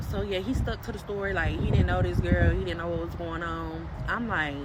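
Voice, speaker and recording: A woman telling her own story in a casual, emphatic and animated way, talking straight to her viewers. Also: lowish voice, brisk, few pauses. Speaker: storyteller in a played clip. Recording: street noise with passing vehicles.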